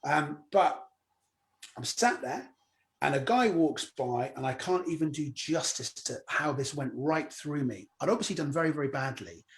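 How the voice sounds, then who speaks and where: Lively man telling stories. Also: a little high, normal speed. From Cornwall, England. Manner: animated storyteller, acting out quoted voices. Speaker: guest comedian. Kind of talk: conversational anecdote.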